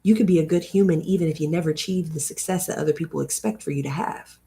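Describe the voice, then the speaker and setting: A woman's voice: deep voice, fast talker, warm tone. A woman hosting a livestream where she reads a book aloud and breaks off for chatty personal asides. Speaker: host reading books aloud on a livestream. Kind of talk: reading aloud with casual commentary.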